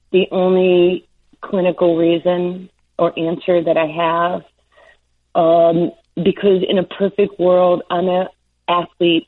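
A woman in her sixties from New York, a former basketball player, telling stories in an interview, laughing often and acting out the voices of the people she quotes. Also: on the low side. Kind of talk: storytelling interview. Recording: tinny phone-line sound.

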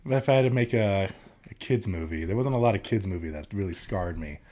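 Man, casual host, lively pitch, joking and teasing, faint noise behind. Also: quick pace. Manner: joking, playful questioning. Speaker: podcast host. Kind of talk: casual chat.

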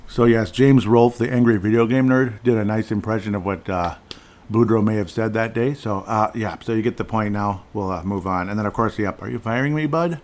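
A man's voice: on the low side, fairly even intonation, fairly quick, a little mellow. A man hosting a casual solo podcast, rambling through asides and fillers with fan enthusiasm. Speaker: podcast host.

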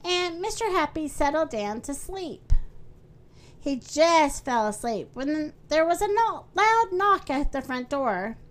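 Slow-reading woman storyteller, high voice. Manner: friendly, animated read-aloud. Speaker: podcast host and storyteller.

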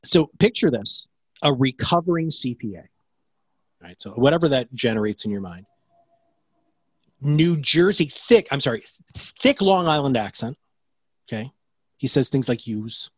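A man who runs a podcast production company, answering interview questions in a fast, enthusiastic, salesy way. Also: medium pitch, animated, breathy edge, no room sound.

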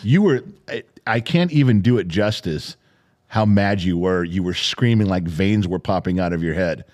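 A man's voice: low voice, expressive, normal speed, darkish tone. A middle-aged man hosting a family podcast, talking bluntly and teasing his son, with some swearing. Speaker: podcast host, father. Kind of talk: casual chat.

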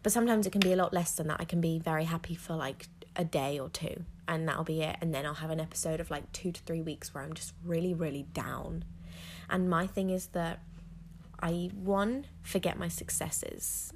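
Teen girl podcast host, lowish voice, candid, rambly, lots of fillers. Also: a little hiss or hum. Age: teens. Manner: frank, rambling, heavy on "like" fillers. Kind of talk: candid solo podcast monologue.

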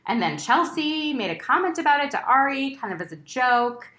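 A woman's voice: high-pitched, very animated, moderate pace, pushed and bright. A woman co-hosting a casual chat about a TV show, chatty, laughing often and steering the topics. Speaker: podcast co-host. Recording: roomy echo.

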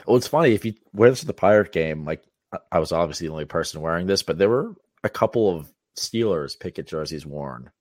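A man co-hosting a sports podcast, telling a wry anecdote in relaxed casual chat. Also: low-pitched, fast talker, dry recording, clean studio sound. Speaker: podcast co-host.

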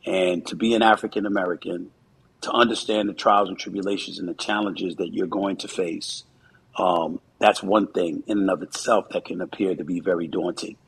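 A man's voice: low voice, steady tone, normal speed, husky, low-quality recording. A man in his fifties, a commentator, giving earnest, reflective interview answers with frequent fillers.

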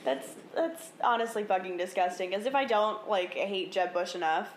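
A young adult woman co-hosting a podcast in casual chat, quick to laugh and blunt, with free swearing. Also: medium pitch, slight background noise. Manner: giggly, blunt, swears freely. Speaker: podcast co-host. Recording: roomy echo.

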